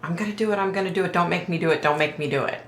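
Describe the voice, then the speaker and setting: A woman's voice: lowish voice, rapid-fire, echoey room, slight background noise, natural voice. A woman voicing an agitated man who repeats himself insistently as she retells a dream. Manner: repetitive, insistent. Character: agitated man fixated on a name, male adult.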